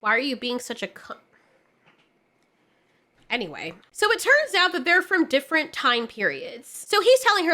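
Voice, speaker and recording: A woman reviewing an animated show in an exasperated, sarcastic rant, swearing freely and sounding a bit unwell. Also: sits high, moderate pace. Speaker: video reviewer. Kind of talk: ranting review commentary.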